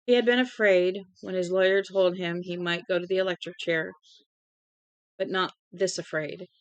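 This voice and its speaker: Woman reading a book out loud, lowish voice, dry close sound, trips on words sometimes. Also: normal speed, clear, resonant tone, no room sound, lo-fi sound. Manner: steady reading with small slips and restarts. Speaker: audiobook reader. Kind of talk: reading a novel aloud.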